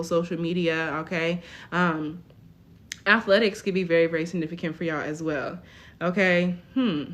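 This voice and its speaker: A woman in her twenties giving a casual live tarot reading, chatty, tagging almost every line with "okay?". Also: fairly low pitch. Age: 20s. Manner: chatty, tags lines with "okay?". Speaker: tarot reader.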